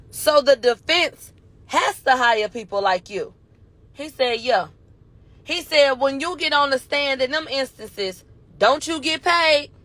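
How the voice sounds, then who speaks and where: A woman retelling courtroom testimony in casual, slangy storytelling, quoting back and forth in a he-said chain. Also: fairly high pitch. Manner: animated, slangy, retells quotes in a running he-said chain. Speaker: commentator recapping a trial.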